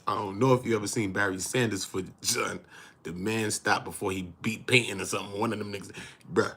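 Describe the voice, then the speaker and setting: Deep-voiced New man riffing. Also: steady tone, fast, fairly bright tone, slight background noise. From New York. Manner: playful, slangy, breaks into laughter and acted asides. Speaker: commentary host. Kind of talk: animated street-slang commentary.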